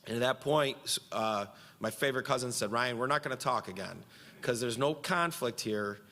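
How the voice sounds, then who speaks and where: A man's voice: medium pitch, normal speed, sharp tone, in a large hall. A man giving a conference speech from Central New York, telling a story and quoting himself and others with animation.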